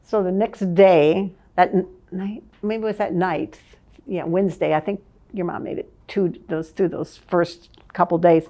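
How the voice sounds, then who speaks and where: An older woman, a former advertising manager, reminiscing in a lively storytelling way and laughing often. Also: fairly low pitch, measured pace. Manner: lively, laughs often, vivid scene-setting.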